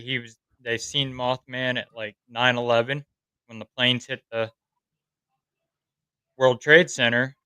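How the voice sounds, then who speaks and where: A man's voice: mid-range voice, pushed and bright, smooth, dry recording. A man on a casual podcast chat, talking in an easygoing way and hedging with fillers.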